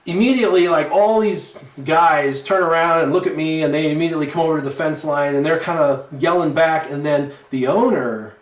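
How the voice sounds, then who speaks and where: Lively rambling man, slightly high voice. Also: brisk, hardly any pauses. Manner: lively, rambling with many fillers. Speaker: guest storyteller. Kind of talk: casual storytelling chat. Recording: roomy echo.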